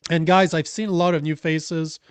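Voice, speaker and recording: A podcast co-host with a French Canadian accent reads viewer comments on a political talk show, blunt and swearing freely in casual political chat. His voice sits a little high with little pitch movement, at a moderate pace, clear and resonant, with no echo.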